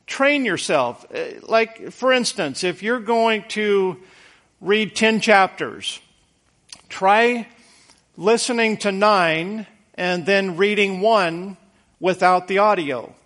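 A man's voice: high voice, slow pace, a bit bright. A man preaching a conversational sermon in an earnest, folksy way, repeating words for emphasis.

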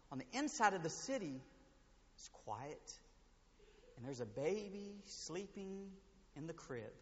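High-voiced male pastor booming in a reverberant hall. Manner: swings from booming emphasis to hushed, intimate tones. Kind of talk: sermon. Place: church sanctuary. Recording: dull sound with long hall reverb.

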